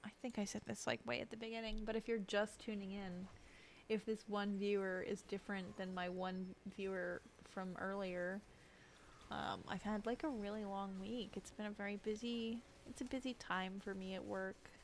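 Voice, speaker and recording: A woman's voice: mid-range voice, flat delivery, moderate pace, a little hiss or hum. A young woman streaming late at night, sleepy and yawning, chatting in a rambling, self-deprecating way at her desk mic. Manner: chatty, self-deprecating, drifting train of thought. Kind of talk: casual rambling stream chat.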